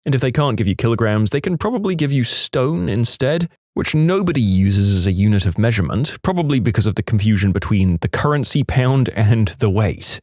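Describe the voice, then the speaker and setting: A man narrating online comments in a scripted reading, with a wry, lively delivery and small laughs. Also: on the low side, no room sound, studio quality.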